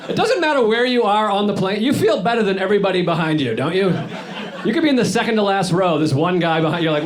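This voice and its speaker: A man doing a stand-up comedy set on stage, grumbling and deadpan, acting out bits in put-on voices. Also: high-pitched, a little fast, a crowd in the background. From New York. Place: comedy club stage before a laughing audience. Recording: live set with loud audience laughter.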